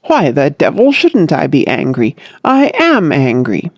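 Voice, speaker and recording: Brief: narrator's voice for a choleric, self-willed dad, blustering with lively swings, dry read. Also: male voice, on the high side, a little slow, dry recording, full character voice. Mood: testy, blustering. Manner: blustering, testy. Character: irascible, self-willed older father.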